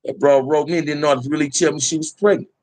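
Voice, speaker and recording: A man's voice: fairly high pitch, steady tone, a little mellow, dry recording. Candid streetwise man telling prison stories. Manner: streetwise slang, laid-back and candid, drawn-out "man". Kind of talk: casual storytelling to a live chat.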